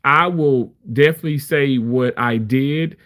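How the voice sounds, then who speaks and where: A man's voice: mid-range voice, unhurried, fairly bright tone. A man talking to camera as a live streamer, telling a story in a candid, emphatic way with many restarts. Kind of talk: casual storytelling rant.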